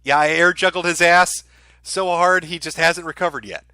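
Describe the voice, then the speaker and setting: A man's voice: on the high side, fairly even intonation, moderate pace, pushed and bright, clean tone, dry recording. A man streaming casually, reading out viewer messages and answering with dry, sarcastic asides. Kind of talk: casual livestream commentary.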